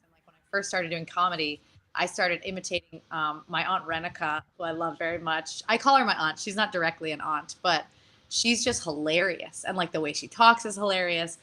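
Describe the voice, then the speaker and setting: A woman speaks as a guest on a video call, her voice sitting a little low yet sounding bright and forceful. She talks in an animated, casual way and breaks into laughter often. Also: brisk, low-quality recording. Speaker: guest performer. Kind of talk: casual interview chat.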